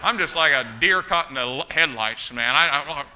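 A man's voice: on the high side, moderate pace, bright, forceful tone, slight background noise. A middle-aged man preaching a sermon, telling a personal story with frequent restarts and asides to the congregation.

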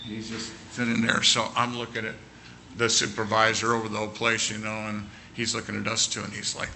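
A man telling an animated story with quoted dialogue during a sermon. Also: fairly low pitch, a little fast, creaky, a little hiss or hum.

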